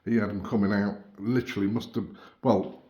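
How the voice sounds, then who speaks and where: The recording is muffled, but the man's voice comes through on the low side, level and warm, moving at a brisk clip. He's a vlogger fixing up a house, chatting casually and chuckling a lot, whether out on his rural property or in a small kitchen.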